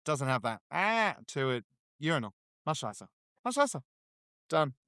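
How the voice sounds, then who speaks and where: A man co-hosting a podcast and judging, animated and laughing often as he talks. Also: on the high side, normal speed, clear, resonant tone, dry recording, clean studio sound. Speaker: podcast co-host, judge. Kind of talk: casual podcast chat.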